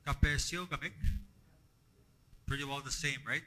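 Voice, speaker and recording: A man teaching a language workshop to a group, halting and repeating himself as he explains and asks the room questions. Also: mid-range voice, fairly even intonation, sharp tone, rough recording. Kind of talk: classroom teaching. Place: classroom.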